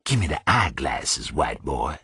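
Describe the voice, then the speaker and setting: A hulking, menacing prison gang bully taunts in a low, quiet drawl, as a male audiobook narrator puts him on. The voice sits well below the reader's own and stays husky. It comes across dry and close, with no room around it. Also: sing-song, unhurried, no echo, exaggerated voice. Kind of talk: audiobook character voice.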